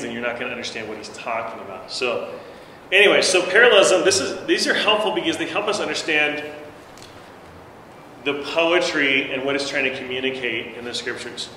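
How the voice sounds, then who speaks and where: A man leads a Bible class in a church room, teaching loosely and conversationally with lots of fillers and restarts. His mid-range voice sounds pushed and bright. The room is very echoey with a long reverb and some faint noise.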